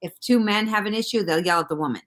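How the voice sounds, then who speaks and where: Fast-talking Boston woman telling stories. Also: medium pitch. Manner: fast, animated anecdote-telling with acted-out quotes. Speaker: guest comedian. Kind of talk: casual storytelling chat.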